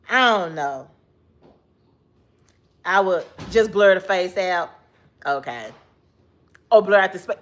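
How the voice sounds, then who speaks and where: Woman streamer, sleepy chatty delivery with frequent laughs, animated pitch. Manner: laughs often, chatty, talks to someone off-mic. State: sleepy, yawning. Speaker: livestream host. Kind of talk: casual chat.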